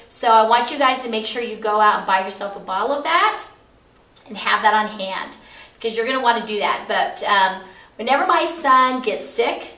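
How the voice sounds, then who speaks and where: A middle-aged woman with a slightly high, somewhat bright voice chats her way through an explanation of essential oils, dropping in lots of fillers. It's casual teaching, recorded in an office where the room echoes and she sits well back from the mic.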